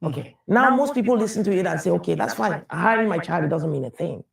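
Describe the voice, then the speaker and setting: A man's voice: sits high, expressive, fast talker, gravelly. A man giving an emphatic public talk, repeating phrases as he builds his point. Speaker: speaker on wealth and taxes. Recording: echoey room from a distance.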